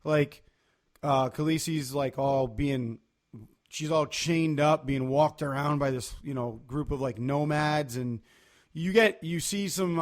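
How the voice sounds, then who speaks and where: A man, chatting casually on a podcast and telling loose, rambling stories full of fillers. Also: on the high side. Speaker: podcast co-host. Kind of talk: casual chat.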